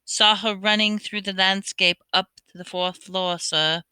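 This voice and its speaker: A woman puts on a gleeful male poltergeist with an oily, cackling voice from a storybook. The tone is very bright and smooth. It sounds dry and close. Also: mid-range voice, fairly even intonation, measured pace, no room sound.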